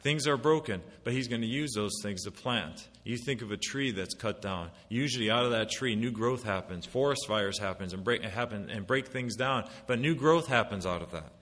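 A middle-aged man preaching a sermon as pastor, swinging between loud emphatic declarations and quiet confiding asides, on a pulpit mic in a church sanctuary. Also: medium pitch, moderate pace, few pauses. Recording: long hall reverb.

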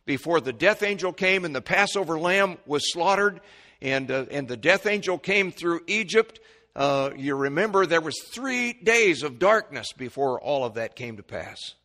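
A man preaching an expository sermon, reading scripture aloud and explaining it, his voice climbing high and loud when he quotes the mockers. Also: lively intonation, normal speed, big-room sound. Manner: rises sharply in pitch and volume when quoting mockers; reads scripture in King James wording with commentary.

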